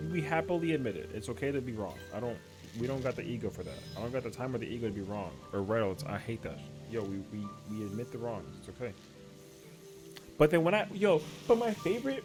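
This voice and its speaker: A man game streamer in casual stream chat, slangy and animated, saying yo and bro a lot. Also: medium pitch.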